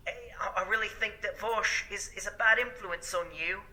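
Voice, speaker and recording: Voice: mid-range voice, fairly even intonation, normal speed, bright, forceful tone, pitched above the performer's own voice. A speaker mimicking a pompous male internet pundit who lectures and stammers. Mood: preachy. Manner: stammering, preachy.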